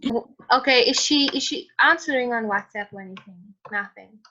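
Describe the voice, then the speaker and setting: Teacher, woman: bright, forceful voice, patient with students, dull lo-fi call audio. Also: a little high, normal speed. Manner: patient, prompting students by name. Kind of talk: online chemistry lesson. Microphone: computer mic on a video call.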